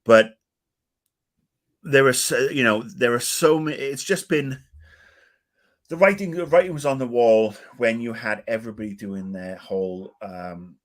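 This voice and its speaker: Middle-aged British co-host, low-pitched, ranty, rambling, swears. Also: male voice. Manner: rambling, opinionated, swears, many restarts. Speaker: podcast co-host. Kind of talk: casual podcast chat.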